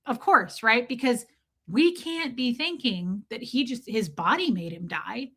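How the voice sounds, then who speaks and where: A woman with a fairly high, bright, forceful voice tells a story on her livestream. She talks bluntly and swears freely. She breaks off now and then to greet viewers by name. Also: lively intonation, unhurried, husky. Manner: blunt, profane, reads viewer names aloud mid-story. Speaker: livestream host. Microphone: streaming setup mic.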